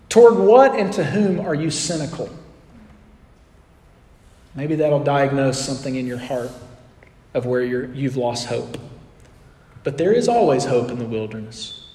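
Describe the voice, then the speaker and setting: A man's voice: fairly high pitch, a little mellow, roomy sound, in a large hall. A man preaching a sermon in a conversational way, asking the audience questions and acting out quotes. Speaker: pastor.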